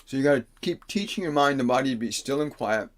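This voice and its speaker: A man of middle pitch hosts a livestream as a spiritual teacher, reading viewers' questions aloud. He answers in a calm, coaxing way, and at times slows into a solemn, preacher-like delivery. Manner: reads viewer questions aloud and gives slow, soothing instructions.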